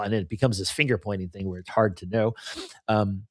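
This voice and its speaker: A man's voice: on the low side, big pitch swings, fast, no echo, clean studio sound. A middle-aged man talking candidly and at length in a casual podcast conversation, often adding "you know" and "right?". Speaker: podcast co-host.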